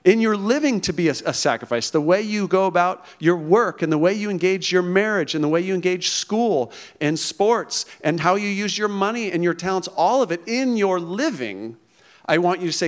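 A man's voice: sits high, lively intonation, moderate pace. Emphatic man preaching a sermon. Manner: conversational, emphatic, checks in with "okay?" and "right?". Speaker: pastor.

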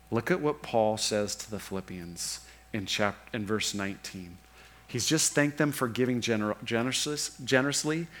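Earnest low-voiced male pastor preaching. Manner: earnest, slows and softens for emphasis. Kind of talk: sermon.

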